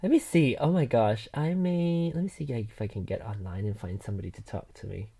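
A man with a low, gravelly, warm and slightly rough voice talks a little fast, chatting live from bed into a computer's binaural mic. He rambles, laughs often and swears without much thought.

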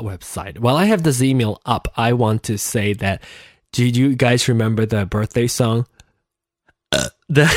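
Worn-out male podcast host, slow and chatty, swings up and down in pitch, dry close-mic sound. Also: no room sound. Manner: rambling, chatty, self-deprecating, swears offhandedly. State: tired. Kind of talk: casual solo podcast monologue. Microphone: close desk microphone.

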